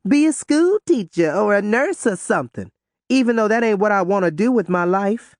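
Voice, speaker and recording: A reckless teenage girl, high-pitched and defiant, drawls her words with a pushy edge, as a male narrator puts her on. The voice leaps up and down with energy. It sounds dry and close. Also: expressive, moderate pace, no room sound.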